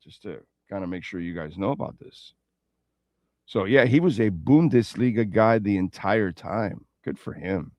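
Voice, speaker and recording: A man's voice: fairly low pitch, animated, normal speed, a little mellow, dry recording. A man hosting a sports radio show in a casual, rambling way, with playful asides and betting talk. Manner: reads sponsor ads and betting lines.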